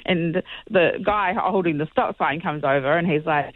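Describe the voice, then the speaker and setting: A woman's voice: low-pitched, moderate pace, dry recording. A woman calling into a radio show, telling a story animatedly and acting out the voices of the people in it. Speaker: caller. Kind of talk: casual phone chat. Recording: phone line.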